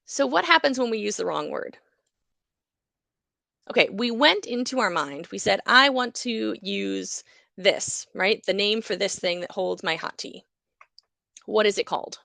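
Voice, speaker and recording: A woman giving a university lecture on psychology, her voice carrying a gravelly, creaky texture. She explains in a lively way and acts out small examples as she goes. The sound is close and dry, with no room around it. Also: mid-range voice, moderate pace, pauses often, no room sound. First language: English.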